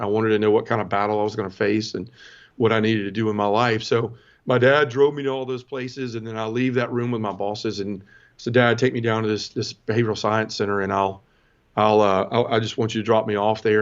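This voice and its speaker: A man's voice: lowish voice, steady tone, a little fast, dull audio. A middle-aged man from the American South telling an emotional personal story as an interview guest, earnest, with many restarts. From Southern United States.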